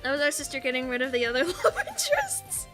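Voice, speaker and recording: A woman's voice: high-pitched, huge pitch swings, quick pace, fairly bright tone, faint music behind. A woman streaming a game live, chatting and giggling as she reacts to chat.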